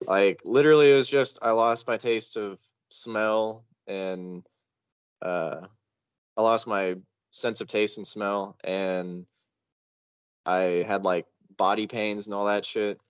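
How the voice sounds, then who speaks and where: A young man guesting on a podcast, telling dry, laid-back anecdotes. His voice is lowish and smooth. The audio is dry and slightly dull. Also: steady tone, takes it slowly, no echo. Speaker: guest writer. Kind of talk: casual chat.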